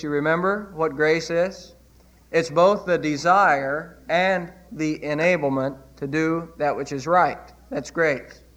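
A man's voice: high voice, fairly bright tone. A man preaching a sermon as pastor, retelling scripture with earnest emphasis.

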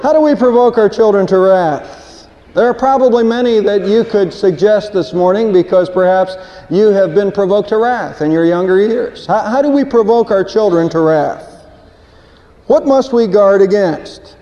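A man's voice: sits high, moderate pace, mellow. A man preaching a Sunday sermon, earnest and plain-spoken, stumbling over a word now and then and telling a folksy joke. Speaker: pastor. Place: church sanctuary. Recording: dull lo-fi church recording with long reverb.

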